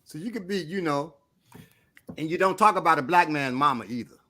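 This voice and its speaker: His voice sits on the high side and moves a little fast. He's a middle-aged man co-hosting a laid-back talk show, laughing often as he animatedly spins humorous tales.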